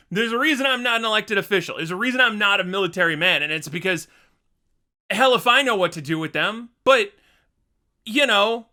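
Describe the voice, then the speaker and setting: A man's voice: high-pitched, pushed and bright. A young man hosting a reaction video, chatting casually and thinking aloud in a rambling, self-deprecating way.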